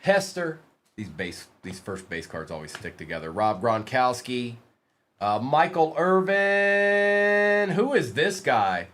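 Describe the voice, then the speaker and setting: A card-break livestream host takes his time, his mid-range, fairly bright voice moving through big pitch swings over slight background noise. He reads out players as he opens packs and teases his chat.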